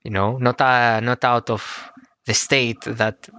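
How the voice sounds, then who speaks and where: A man from Greece with a Greek accent hosting a podcast, speaking haltingly with many fillers. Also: mid-range voice, level tone, bright, forceful tone, clean tone, no room sound. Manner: halting, frequent "uh" and "um", laughs often. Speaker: podcast host. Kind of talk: casual podcast chat.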